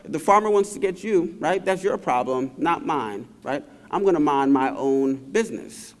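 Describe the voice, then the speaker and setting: A man's voice: on the high side, expressive, normal speed, natural voice. A man doing a selfish, shrugging pig. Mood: dismissive. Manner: dismissive, shrugging. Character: indifferent self-centered pig. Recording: reverberant large hall.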